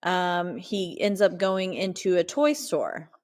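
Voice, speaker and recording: A woman's voice: lowish voice, lively intonation, slow pace, a little mellow. A woman co-hosting a podcast, recapping a horror movie in casual chat, rambling with fillers and laughs. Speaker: podcast co-host.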